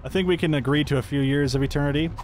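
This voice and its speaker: A man's voice: a little high, rapid-fire, a little mellow, slight background noise. A man giving upbeat, chatty let's-play commentary, thinking aloud as he plays. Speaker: gameplay commentator.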